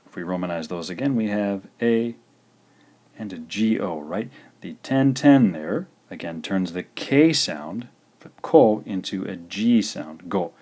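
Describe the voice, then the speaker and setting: With a low, warm voice and lively intonation, a man teaches a language in a scripted video. He takes his time enunciating syllables with care and repeats every one.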